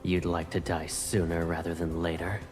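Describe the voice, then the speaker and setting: An actor playing a calm, commanding lord of the netherrealm, disdainful and slow. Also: male voice, sits low, over music, natural voice. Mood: imperious. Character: cold, imperious lord of the netherrealm.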